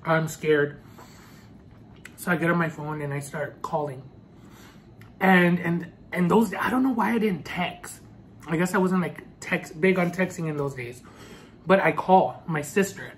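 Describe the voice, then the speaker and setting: A man vlogging a personal storytime as he eats, earnest and halting, with many restarts. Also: fairly high pitch, slight background noise. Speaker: food vlogger. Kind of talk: storytime while eating.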